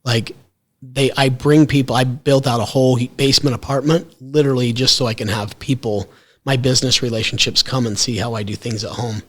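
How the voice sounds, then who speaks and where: Middle-aged male guest, high-energy storyteller, mid-pitched. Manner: animated, fast, bursts of loud excitement. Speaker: podcast guest.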